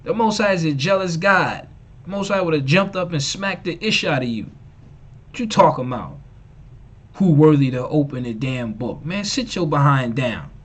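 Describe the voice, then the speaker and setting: Emphatic, scornful male livestream preacher with a slangy delivery and a slightly raised pitch. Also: lively intonation, normal speed. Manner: emphatic and repetitive, mocking, slangy. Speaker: online preacher and teacher. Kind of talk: live-streamed preaching.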